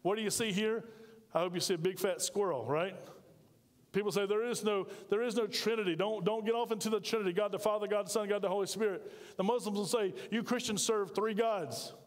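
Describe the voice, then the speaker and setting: A pastor preaches in a high, ringing voice, folksy and emphatic, tossing questions out to his congregation. His words trail off into the long reverb of a church sanctuary. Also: fairly even intonation, quick pace. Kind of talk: sermon.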